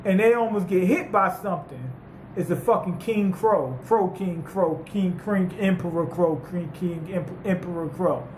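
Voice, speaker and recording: A man giving a casual, profane manga chapter review, rambling and excitable with lots of fillers. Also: high-pitched, moderate pace, echoey room, slight background noise, rough recording.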